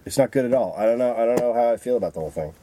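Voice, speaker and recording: A man's voice: mid-range voice, very fast, warm tone, slight background noise. A man co-hosting a podcast, riffing in casual, profane banter with mock-aggressive bluster. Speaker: podcast co-host.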